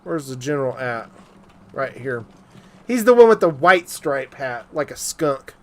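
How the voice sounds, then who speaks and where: A man's voice: mid-range voice, big pitch swings, unhurried. A man giving loose, joking commentary while live-streaming a strategy game, with frequent fillers and asides to his viewers. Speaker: gaming streamer.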